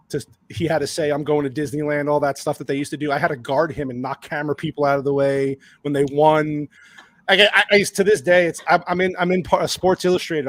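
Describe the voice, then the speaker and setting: A man guesting on a podcast, telling an excited, rambling anecdote with lots of restarts. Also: fairly high pitch, no room sound. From lives in Arizona. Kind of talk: casual storytelling on a podcast.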